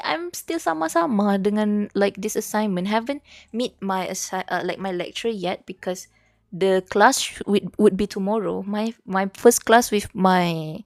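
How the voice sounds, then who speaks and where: A young woman with a Malaysian accent, chatting casually on a study stream and switching between English and Malay as she reads chat. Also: medium pitch. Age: young adult. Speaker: VTuber streamer.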